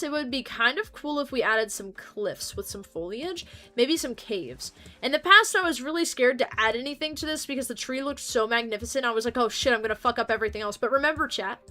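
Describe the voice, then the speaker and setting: A woman's voice: high-pitched, bright, forceful tone. A woman livestreaming a game, chatting casually and playfully to her viewers, rambling from one topic to the next. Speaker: streamer. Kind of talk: casual gaming livestream chat.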